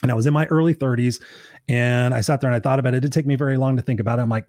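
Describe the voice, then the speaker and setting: A man talking fast and candidly as a guest in an interview, swearing now and then as he tells a personal story. His voice is dry and close, with no room sound around it. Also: medium pitch, vocal fry, a little mellow, dry recording. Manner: blunt, swears casually, vivid anecdotes. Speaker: guest, life coach and professional speaker.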